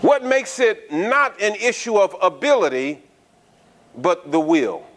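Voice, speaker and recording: A man's voice: high-pitched, expressive, slow, a bit bright, a little hiss or hum. A man preaching a sermon in a conversational style, asking the congregation frequent rhetorical questions and repeating words as he restarts. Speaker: pastor.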